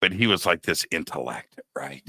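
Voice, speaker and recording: Man in his 60s, host, animated storyteller with a wide-ranging low voice. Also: normal speed, no room sound. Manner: animated, acts out quoted dialogue. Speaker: radio show host. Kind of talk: conversational storytelling.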